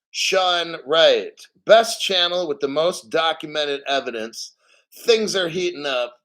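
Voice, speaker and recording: A man's voice: fairly high pitch, slow pace, a bit bright, poor audio. A man hosting a crypto channel, reading an article aloud with boastful, profane commentary, laughing and getting emotional. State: emotional, near tears.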